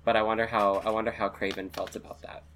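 A man with a very low voice talks films on a podcast. He reasons things through carefully, hedging with ums and you-knows as he builds his point in a casual chat. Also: level tone, a bit bright, a little hiss or hum. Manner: analytical, measured, hedges with fillers. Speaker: podcast co-host. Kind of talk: casual film discussion.

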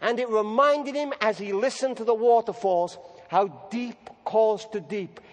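A man preaching a sermon, telling stories dramatically and slowing down for emphasis. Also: high-pitched. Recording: reverberant hall recording.

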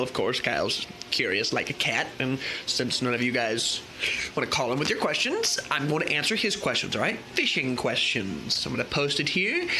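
Man, fishing vlog host, playful, jokey, bright voice. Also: fairly high pitch, slight background noise. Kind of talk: casual vlog chat.

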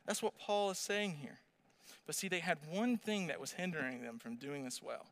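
Bright-voiced animated male preacher. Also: mid-range voice, gravelly. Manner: animated storytelling, asks the audience questions. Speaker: pastor. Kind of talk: sermon.

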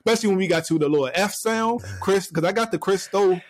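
Animated young man telling stories. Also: fast talker, a little hiss or hum. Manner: animated storyteller, acts out his mother in a high voice. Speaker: podcast co-host. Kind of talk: casual podcast chat.

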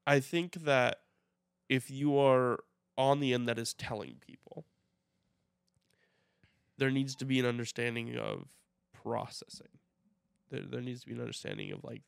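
A young man talks on a podcast in a reflective, halting way, often restarting his sentences. His voice has a gravelly, fried edge. The recording is dry and close. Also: medium pitch, dry recording. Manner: reflective, halting with repeated starts. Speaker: podcast co-host. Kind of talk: casual chat.

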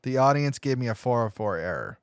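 A man's voice: medium pitch, sing-song, brisk, clear, resonant tone, no room sound, studio quality. Rambling male movie podcast host. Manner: rambling, reads cast notes with fillers and restarts. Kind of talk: casual movie podcast chat.

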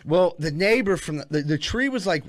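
A young man telling crude stories in a casual chat, rambling and animated, full of filler words. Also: on the high side, brisk, dry recording.

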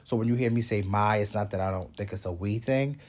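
Congested man chatting casually, low voice. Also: brisk, a little mellow. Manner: rambling, chatty, with many fillers and asides. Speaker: show host. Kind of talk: casual vlog update.

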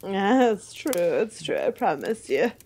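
A podcast co-host with a medium-pitched, sing-song voice speaks at a measured pace, her tone a little mellow over a faint hiss or hum. Chatting casually, she tells rambling stories, pokes fun at herself, and laughs often.

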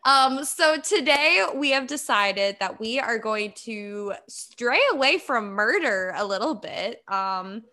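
A woman's voice: fairly high pitch, lively intonation, slow pace, hardly any pauses, sharp tone. A woman co-hosting a podcast in casual chat, rambling and laughing often. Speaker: podcast co-host.

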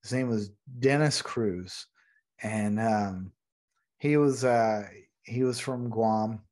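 A man telling an animated story as a podcast guest. He is a retired Navy veteran who laughs and acts out the people he quotes. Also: fairly low pitch, takes it slowly. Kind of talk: casual storytelling.

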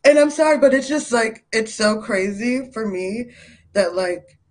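Animated young woman guest. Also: fairly high pitch, a little slow. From North Carolina, USA. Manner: animated, laughs often, many fillers. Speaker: podcast guest. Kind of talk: casual interview storytelling.

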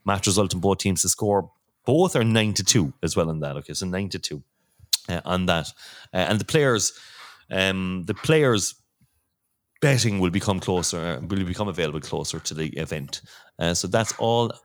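A man hosts a casual football podcast, teasing his co-hosts. His voice is lower-pitched and swings widely up and down as he talks. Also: expressive, moderate pace. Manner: teasing, jokey. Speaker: podcast host.

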